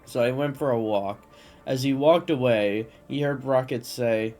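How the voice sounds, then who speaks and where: Slow, stumbling male storyteller. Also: mid-range voice, a little mellow. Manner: stumbles and restarts, occasional coughs. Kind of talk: casual reading of fan lore.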